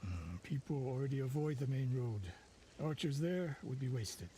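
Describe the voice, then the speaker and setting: An actor playing a stern older archery master in video game dialogue, curt and measured. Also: male voice, medium pitch, animated, dark tone, a little hiss or hum, lightly acted.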